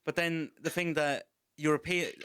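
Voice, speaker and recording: A man's voice: fairly high pitch, fairly even intonation, moderate pace, fairly bright tone, smooth. A man from England hosting a podcast, chatting casually and encouragingly, with the odd casual swear. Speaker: podcast host. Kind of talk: casual interview chat.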